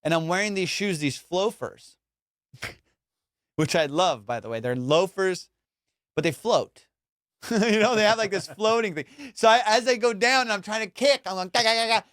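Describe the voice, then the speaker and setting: A young man hosting a podcast, telling a story in an animated, casual way, swearing and saying "dude" and "bro" a lot. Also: high voice, moderate pace, pauses often, dry recording, studio quality. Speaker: podcast host.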